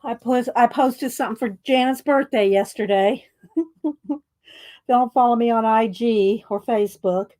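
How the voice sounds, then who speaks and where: Woman host, middle-aged, casual livestream chat, rambling and giggly, voice sits a bit high. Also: fairly even intonation, unhurried, warm tone. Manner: rambling, chatty, laughs often, greets viewers.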